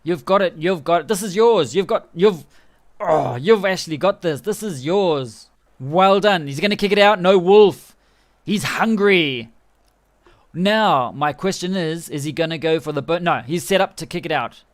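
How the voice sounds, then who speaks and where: Male streamer, higher register, chatty and excitable play-by-play. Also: normal speed. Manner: excitable, chatty, laughing often. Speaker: game streamer. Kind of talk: live game commentary.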